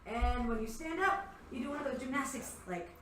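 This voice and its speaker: A woman game master narrates a tabletop session in a bright, forceful voice that sits a little high. She laughs often and swears freely. She is recorded from far off in a very echoey room with faint noise behind her. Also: animated. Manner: giggly, swearing freely, quick asides.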